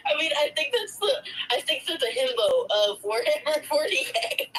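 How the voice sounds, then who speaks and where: Giggly high-voiced woman chatting. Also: wildly swooping pitch, moderate pace, fairly bright tone, rough recording. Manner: giggly, playful and profane. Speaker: co-host friend. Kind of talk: casual chat.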